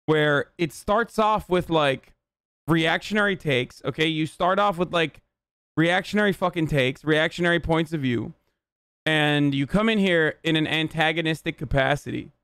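Streamer in his thirties, quick and profane, high voice recorded dry up close. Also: a bit bright, smooth, dry recording. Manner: rapid, profane, explanatory. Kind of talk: live-stream reaction commentary.

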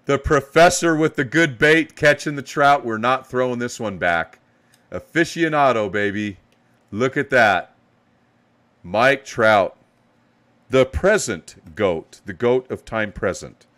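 A man's voice: medium pitch, takes it slowly, a bit bright. Hyped man calling cards on a stream. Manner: hype, calls out cards with playful nicknames. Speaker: card break host. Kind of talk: live box break commentary.

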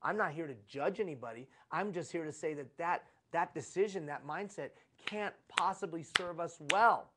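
A man's voice: fairly high pitch, moderate pace, few pauses, sharp tone, a little hiss or hum. A middle-aged man giving a live conference lecture on leadership, preachy and repetitive, with lots of rhetorical questions. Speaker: leadership trainer. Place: conference room.

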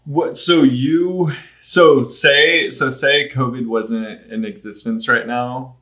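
A man's voice: mid-range voice, steady tone, slow pace, bright, forceful tone. A young man hosting a casual interview, loose and profane, calling his guest "dude" and "bro". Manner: casual, swears a lot, says "dude" and "bro". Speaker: host, interviewer. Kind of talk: casual chat.

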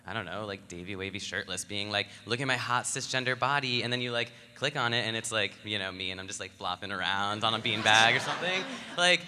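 A man's voice: on the low side, lively intonation, quick pace, few pauses, pushed and bright. A man speaking on a live panel in a rambling way, full of "like.". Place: convention hall stage. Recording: echoey hall with faint noise.

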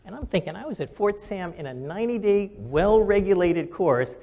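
An older man with a slightly high-pitched voice recounts his own experiences in a reflective, storytelling talk. He speaks earnestly and conversationally, often restarting his sentences. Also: expressive, moderate pace, dark tone. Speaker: physician and military officer. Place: recorded for camera.

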